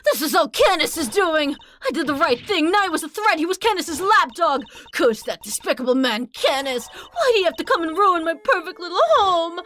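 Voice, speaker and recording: A woman voicing a female prison warden in a game who breaks down into a shrill, sobbing rant. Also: animated, moderate pace, few pauses, fairly bright tone, a little hiss or hum.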